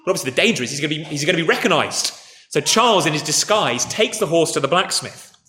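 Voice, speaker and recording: A man preaching a sermon, telling a story in a relaxed conversational way and speaking to the children too. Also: fairly high pitch, quick pace, a little hiss or hum. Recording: echoey hall with faint ambience.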